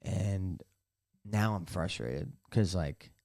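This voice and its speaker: A man's voice: low voice, lively intonation, takes it slowly, creaky, darkish tone. A young man hosting a casual solo podcast from his bathtub, telling a rambling, profane, self-mocking story. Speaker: podcast host. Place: bathtub at home.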